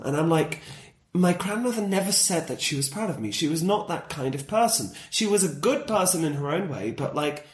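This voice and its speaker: Animated woman chatting in an echoey room. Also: deep voice, brisk. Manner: animated, laughing, mock voices in asides. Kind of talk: casual chat.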